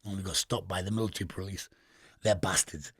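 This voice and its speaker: Casting: husky, low-voiced Geordie man, middle-aged, crude street storyteller, dry close sound. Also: brisk, fairly bright tone, dry recording. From England. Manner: swearing, laughing storyteller with street slang. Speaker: guest. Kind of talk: casual storytelling interview.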